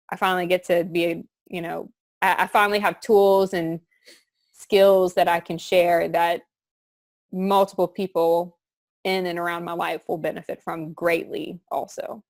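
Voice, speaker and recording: A woman's voice: lowish voice, no echo. Young woman, earnest, rambling, dry close sound. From southern Louisiana. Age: young adult. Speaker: student giving a testimonial. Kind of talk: candid testimonial chat.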